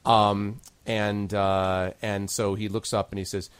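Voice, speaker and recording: A man's voice: fairly low pitch, flat delivery, slow, smooth. A man running a tabletop game on a stream, rambling and laughing at himself while narrating. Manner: rambling, self-deprecating, laughs often. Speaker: game master. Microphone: video call.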